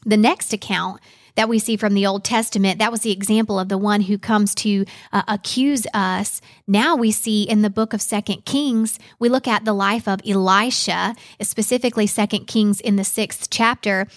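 A woman teaching a podcast Bible study, reading scripture aloud in an earnest, measured way. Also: medium pitch, steady tone.

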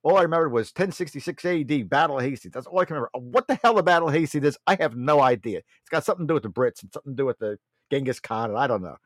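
A man's voice: medium pitch, lively intonation, racing, no room sound, clean studio sound. A man hosting a political talk show, delivering a blunt, mocking monologue and often calling his listeners folks.

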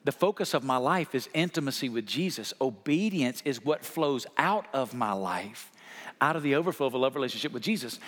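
A man preaching a sermon as pastor, asking the congregation to say key words out loud with him. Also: mid-range voice, expressive, fairly quick. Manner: preacher prompting the congregation to repeat words aloud. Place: church sanctuary. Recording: long hall reverb.

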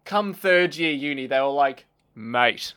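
A young man chatting on a podcast with a slightly high voice that swings widely in pitch. He talks in an animated, jokey way, veering into tangents and quick impressions of the people he describes. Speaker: podcast co-host. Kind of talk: casual chat.

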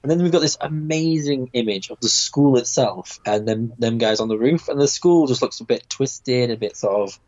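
A man's voice: medium pitch, normal speed, few pauses, a little mellow, muffled recording. A man chatting casually about a comic book, rambling with many fillers and restarts.

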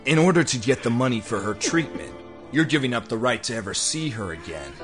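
A man voicing a cruel, mocking male enemy assassin in a fan audio drama, speaking in a sneering tone. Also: mid-range voice. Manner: sneering, taunting.

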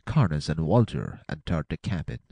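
A man narrating an adventure audiobook with a dramatic, expressive reading. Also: rumbling low, moderate pace, gravelly, husky, no echo, highs cut off.

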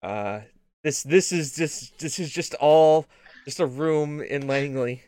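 A man's voice: a little high, slow, no room sound. Casual male gaming-show co-host. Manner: rambling, restarts, deadpan mock-spy bits. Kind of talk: casual joking chat.

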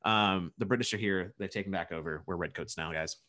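Fast-talking male podcast host. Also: deep voice, sharp tone. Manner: loose and joking, many fillers like "like" and "you know". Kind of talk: casual podcast chat.

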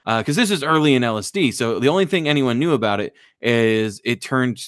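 A man co-hosting a casual podcast, telling wild stories with swearing and lively emphasis. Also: mid-range voice, brisk, no echo, studio quality. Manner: profane, animated storyteller. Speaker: podcast co-host. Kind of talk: casual chat, storytelling.

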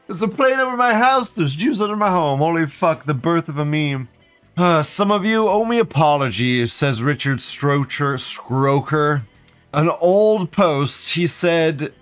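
A man's voice: a little high, fairly bright tone. A man hosting a live commentary show, rambling and swearing, often breaking into laughter and repeating phrases. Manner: profane, rambling, frequent laughter. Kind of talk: casual livestream commentary.

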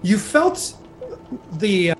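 A man's voice: high voice, big pitch swings, slow pace, a little hiss or hum. A man narrating as game master, rambling with many fillers.

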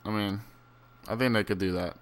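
A man's voice: on the low side, fairly even intonation, a little fast. A man rambling through a casual, profane solo monologue with many fillers and restarts, turning incredulous and ranting at times. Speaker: solo fight commentator.

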